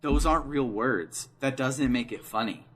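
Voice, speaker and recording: A man's voice: medium pitch, normal speed, fairly bright tone. A man co-hosting a game book-club podcast, casually ranting about his pet peeves, full of fillers. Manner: ranting, opinionated, filler-heavy. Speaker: podcast co-host. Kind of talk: casual chat.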